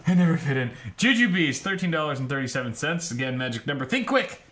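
A man's voice: medium pitch, lively intonation, quick pace, fairly bright tone. A man co-hosting a casual livestream, reading viewer donations and trading jokey, self-deprecating banter.

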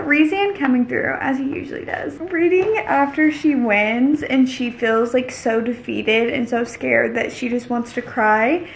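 A woman with a fairly high voice and a gravelly, frayed edge runs a casual book reread. She reads passages aloud, then breaks off to gush about them in a chatty rush, with "like" in nearly every sentence. A faint hiss sits under her voice. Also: measured pace, few pauses. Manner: chatty and gushing, heavy use of "like". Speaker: book vlogger.

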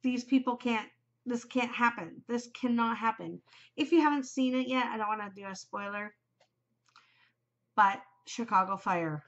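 A woman's voice: a little high, normal speed, fairly bright tone. Chatty, gushing woman podcast host. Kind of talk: casual chat. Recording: muffled lo-fi home recording.

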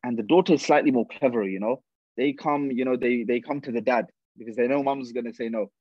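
A man's voice: medium pitch, quick pace, no echo. A man giving an earnest religious talk to young people. He repeats key phrases and speaks directly to his listeners. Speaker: youth speaker. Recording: dull, dry recording.

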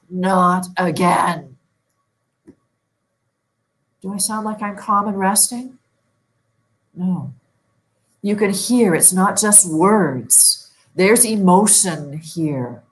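A middle-aged woman coaching viewers through a guided relaxation lesson for better sleep, giving slow, soothing instructions. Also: lowish voice, poor audio. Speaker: sleep and stress management coach.

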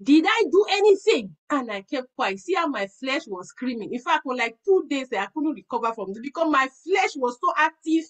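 High-voiced woman preaching a sermon. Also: fairly quick, few pauses, rough recording. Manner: earnest, animated storytelling with laughs and repeated words. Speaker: women's fellowship preacher. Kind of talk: sermon with personal stories.

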